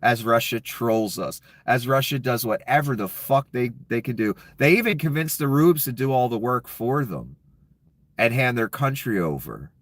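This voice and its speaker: A man's voice: mid-range voice, lively intonation, moderate pace, no echo. Profane, scornful male political ranter. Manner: profane, scornful, sarcastic, reads headlines aloud. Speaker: political commentator. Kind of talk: angry political rant.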